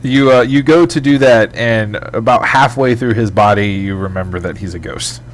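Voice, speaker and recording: A man narrating as game master in a relaxed, casual way over a faint hum. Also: mid-range voice, normal speed.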